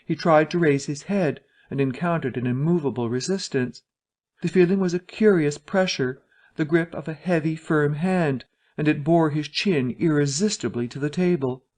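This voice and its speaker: Guy reading a story out loud for english learners, steady even voice. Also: a little high, moderate pace. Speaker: narrator.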